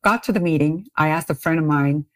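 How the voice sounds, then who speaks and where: A woman's voice: a little fast, no echo. A middle-aged woman from Canada, a beauty brand founder, telling a story as a podcast guest and jumping into quoted voices. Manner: lively, acts out quoted voices with big pitch jumps. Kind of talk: animated storytelling in a podcast interview.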